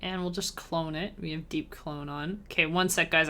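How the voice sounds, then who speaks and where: A woman with a bright, forceful voice, chatting away on a live stream while she composes chiptune music. She rambles casually, reads her chat out loud and hums little melody ideas as she works. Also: deep voice, sing-song, fairly quick.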